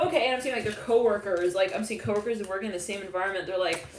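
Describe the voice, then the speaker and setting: A woman's voice: medium pitch, racing, echoey room, a little hiss or hum. A woman giving a live tarot reading in a rambling, casual way, with many restarts and frequent laughter. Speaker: tarot reader.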